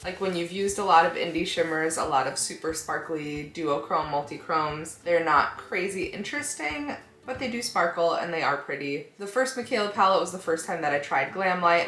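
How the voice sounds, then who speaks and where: Low-voiced woman chatting through a makeup tutorial. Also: fairly bright tone. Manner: chatty, thinks aloud while working, hedging with "like" and "I don't know". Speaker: beauty vlogger. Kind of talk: casual makeup tutorial chat. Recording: echoey room with faint background music.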